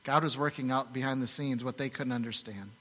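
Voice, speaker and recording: A man's voice: medium pitch, fairly even intonation, brisk, fairly bright tone. A man preaching a sermon to his congregation, telling the story animatedly and asking rhetorical questions. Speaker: pastor. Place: large church hall. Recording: long hall reverb.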